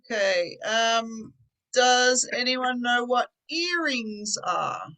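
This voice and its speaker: Woman english teacher, slow careful explaining, clear bright voice. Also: fairly high pitch, expressive, rough recording. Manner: patient, explains slowly with simple examples. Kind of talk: online English class for adult learners.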